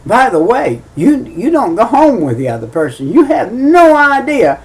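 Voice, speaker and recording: A man's voice: very high voice, huge pitch swings, normal speed, rough recording. A middle-aged man preaching a sermon in a folksy, emphatic way, often repeating his key phrases.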